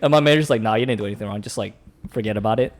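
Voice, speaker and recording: A man's voice: on the low side, racing. A young man co-hosting a podcast, telling a work story in casual chat and acting out the people in it. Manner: animated storyteller, acts out customers and managers, laughs often. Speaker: podcast co-host.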